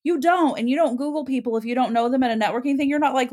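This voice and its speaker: A woman's voice: high voice, rapid-fire, a little mellow. Emphatic playful woman guest. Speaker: podcast guest. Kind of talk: casual chat.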